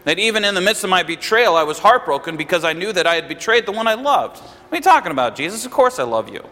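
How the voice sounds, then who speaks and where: A man's voice: sits high, very animated, fast talker, bright, forceful tone, exaggerated voice. A man preaching, voicing an earnest, heartbroken male disciple within his sermon in a reverberant hall. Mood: protesting.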